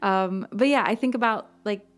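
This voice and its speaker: A young woman from Miami hosts a casual podcast chat, talkative and laughing often, with plenty of fillers. Her voice is medium in pitch at a moderate pace.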